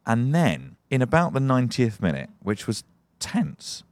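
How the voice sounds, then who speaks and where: A man from England co-hosting a podcast, telling a story in a relaxed way and teasing his co-host. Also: mid-range voice, measured pace, dry recording. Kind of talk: casual chat. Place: their home.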